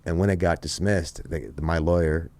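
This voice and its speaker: A man from Las Vegas with a deep voice, sitting in as a guest and spinning a tale in loose, casual talk. He swears a lot, gets animated and slips into other people's voices as he goes. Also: moderate pace. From Las Vegas, USA. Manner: animated, profane, acts out other people's lines. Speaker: podcast guest. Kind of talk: casual storytelling.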